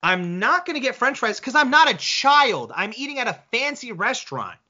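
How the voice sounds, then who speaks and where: A young man in a loose podcast debate who argues with incredulous, swearing energy. His voice is high and bright, and his pitch jumps around a lot. The recording is slightly dull and lo-fi. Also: sing-song, normal speed. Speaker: co-host.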